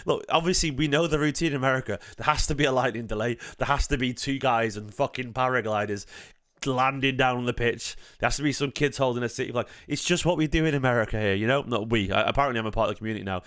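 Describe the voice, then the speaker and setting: A man's voice: medium pitch, fast, hardly any pauses, fairly bright tone, no echo, studio quality. A man with a Mancunian accent hosting a fan channel live stream, rambling, joking and swearing in casual chat. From Manchester, England.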